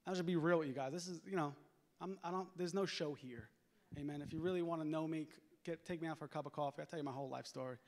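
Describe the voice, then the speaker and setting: High-voiced man preaching in a reverberant church. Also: quick pace. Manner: conversational storytelling with call-and-response exhortation. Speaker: guest preacher giving testimony. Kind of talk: sermon testimony. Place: church sanctuary. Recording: long reverb of a church hall.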